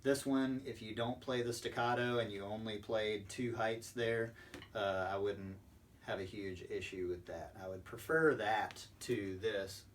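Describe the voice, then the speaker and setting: A fairly low-pitched man teaching percussion in a recorded lesson, walking through each point patiently with plenty of ums. He sounds set back from the mic, with a faint hiss underneath. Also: fairly even intonation, unhurried. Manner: patient, step-by-step explaining with frequent ums. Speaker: percussion instructor. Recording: distant mic with faint background noise.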